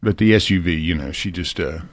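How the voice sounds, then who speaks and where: A man's voice: deep voice, a little fast, no room sound. A man co-hosting a radio show, chatting in a laid-back, rambling, jokey way. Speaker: radio co-host. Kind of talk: casual radio banter. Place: radio studio.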